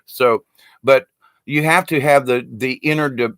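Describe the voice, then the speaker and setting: A man's voice: mid-range voice, a little slow, a bit bright, smooth, no echo, clean studio sound. An older man telling casual stories about his teachings, rambling and laughing often, with casual swearing. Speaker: speaker on shamanism. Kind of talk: casual storytelling talk.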